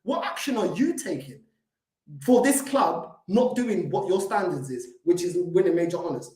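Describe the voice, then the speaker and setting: A man with a London accent hosting a heated live stream, confrontational and swearing freely. His pitch swings widely as he argues. The sound bounces around an echoey room. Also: animated, moderate pace, a little mellow. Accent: London English. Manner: confrontational, swearing, repeats himself. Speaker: fan channel host.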